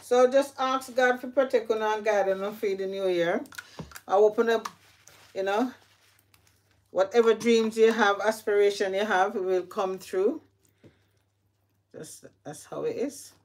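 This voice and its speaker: A woman's voice: medium pitch, a little slow, long pauses. Chatty Jamaican woman vlogging. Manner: chatty, repeats herself, talks to viewers. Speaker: gardening vlogger. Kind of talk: casual chat while gardening.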